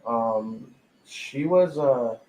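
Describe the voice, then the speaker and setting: A man's voice: medium pitch, extremely slow, a little mellow, slight background noise. A man telling a personal story in casual chat, swearing freely and laughing often. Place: tattoo studio during a live podcast. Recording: roomy echo, faint ambience.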